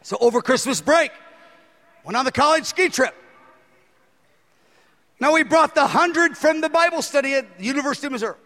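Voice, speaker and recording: A man's voice: extremely high pitch, animated, fairly quick, pauses often, pushed and bright. A man preaching a sermon, telling a story and acting out the dialogue in it with animation. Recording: long hall reverb.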